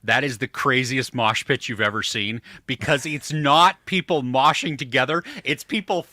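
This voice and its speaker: Bright-voiced excitable man on a podcast. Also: medium pitch, moderate pace, dry recording, clean studio sound. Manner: excitable, rambling tangents with laughter. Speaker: podcast co-host. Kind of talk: casual chat.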